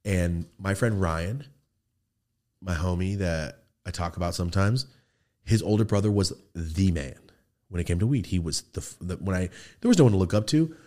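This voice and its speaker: A man hosting a studio podcast, telling animated stories and acting out the people in them. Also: deep voice, normal speed. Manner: animated storyteller, acts out quoted people, swears freely. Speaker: podcast host. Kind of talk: casual storytelling chat.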